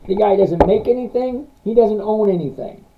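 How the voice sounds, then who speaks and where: A man's voice: sits high, normal speed, vocal fry, background noise. A man hosting a casual live stream, answering viewer questions about stocks and reading figures off charts in a blunt, rambling way. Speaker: livestream stock trading host. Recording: tinny phone-like sound.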